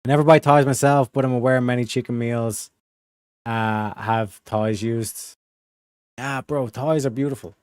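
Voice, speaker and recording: A man's voice: mid-range voice, steady tone, measured pace, darkish tone, clear, resonant tone, dry recording, clean studio sound. A young man hosting a livestream in casual, rambling chat, full of slang and "you know what I mean". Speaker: livestream host.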